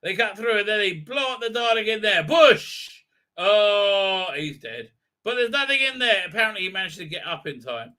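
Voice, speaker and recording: A man's voice: sits high, expressive, moderate pace, bright, forceful tone. A man hosting a live stream, giving sarcastic, rambling commentary on a TV episode as it plays. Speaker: show host reviewing an episode.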